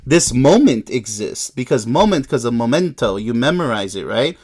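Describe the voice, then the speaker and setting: A man's voice: medium pitch, big pitch swings, normal speed, a little mellow. A man giving a sarcastic, exasperated reaction commentary while reading an article aloud, with frequent incredulous exclamations. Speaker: relationship commentator.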